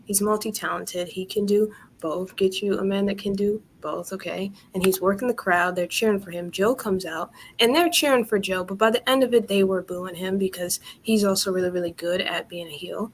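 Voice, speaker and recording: A woman co-hosting a wrestling review show in casual chat, telling stories in a lively way and laughing often. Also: mid-range voice, a little hiss or hum. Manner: lively, laughing, quick storyteller.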